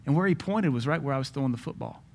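A man's voice: mid-range voice, animated, racing, a little mellow. A man preaching a sermon, telling personal stories in a conversational way.

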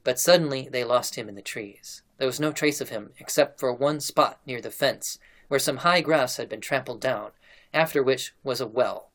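A male podcast host retelling an old story in a relaxed, conversational way. He talks casually to his guests and laughs easily between lines. His pitch sits in a middle range. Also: moderate pace.

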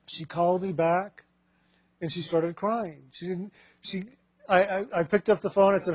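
A man giving a spiritual talk, telling a story slowly and deliberately and repeating phrases for emphasis. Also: sits high, steady tone, no room sound. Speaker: spiritual teacher.

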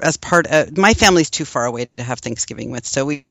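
A woman's voice: rumbling low, expressive, quick pace, vocal fry, dry recording. Middle-aged woman, podcast co-host, chatty and rambling, dry close mic. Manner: chatty, rambling, many ums and laughs. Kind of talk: casual chat.

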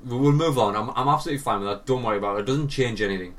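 A man's voice: mid-range voice, rapid-fire, a bit bright, recorded from a distance, a little hiss or hum. A young man co-hosting a podcast, telling a long embarrassing story with lots of swearing and laughter. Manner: sweary, laughing, drops voice for quoted lines. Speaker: podcast co-host. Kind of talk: casual storytelling chat.

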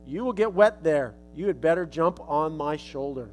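A man's voice: a little high, animated, moderate pace, darkish tone, soft background music, pitched below the performer's own voice, lightly acted. A sly, cunning fox from a storybook, as a preacher puts him on. He coaxes in a falsely kind way. A faint instrument plays in the background. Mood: coaxing.

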